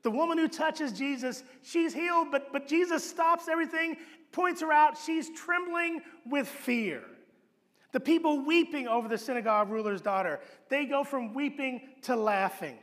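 A man preaching a sermon as pastor, telling the story with animated acted-out voices and dropping to a low hush for emphasis. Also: normal speed. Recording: long hall reverb.

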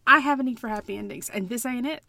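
A woman's voice: on the high side, fast, gravelly, bright, forceful tone. A woman talking bluntly and emphatically in a casual book chat, often repeating herself to make a point.

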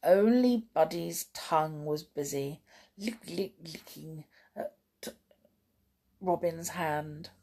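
A woman reading a children's story aloud as a podcast host, gentle and expressive. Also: low voice, takes it slowly. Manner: gentle, expressive, chatty sign-off.

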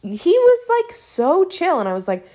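Young adult woman, casual home vlogger, chatty and animated storyteller, sprinkles in swearing. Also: very high voice, measured pace. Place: home room.

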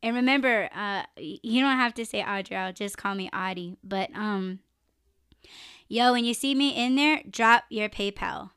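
A woman's voice: mid-range voice, normal speed, a bit bright, clear, resonant tone, dry recording, studio quality. A young woman hosting a live podcast, chatting casually, swearing freely and laughing often. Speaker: podcast host. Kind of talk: casual live-stream chat.

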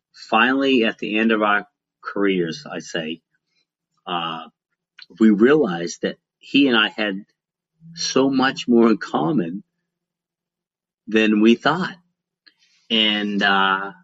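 A middle-aged former racing driver telling rambling, folksy stories in a casual interview, laughing now and then. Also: male voice, fairly low pitch, expressive, slow, long pauses, a bit bright. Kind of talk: casual storytelling. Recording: dull lo-fi sound.

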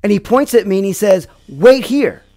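A man telling a personal story in a slow, dramatic way, full of fillers. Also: high-pitched, fairly even intonation, dark tone, no room sound, studio quality, soft background music. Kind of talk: first-person spoken storytelling.

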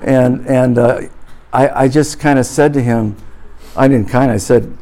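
A middle-aged man preaching at a church event, with a voice of ordinary middle pitch. He tells a story with animated comic exaggeration and then turns to a spoken blessing over his listeners. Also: measured pace. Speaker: pastor. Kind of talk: sermon with a humorous story. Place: church event before a live audience.

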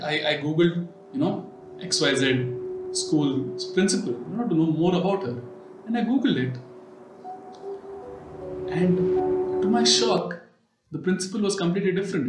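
A man's voice: sits high, background noise. A man hosting his own show, explaining an idea through a personal story in a casual, conversational way with lots of "you know" asides. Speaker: podcast and video host. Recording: echoey room with faint music.

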